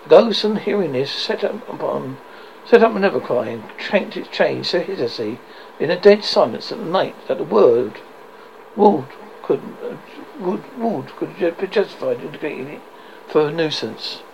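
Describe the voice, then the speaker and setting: A man's voice: fairly high pitch, animated, moderate pace, creaky, a little mellow, highs cut off, a little hiss or hum. A man narrating a classic story aloud, stumbling and correcting himself as he reads. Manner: stumbling, self-correcting reading.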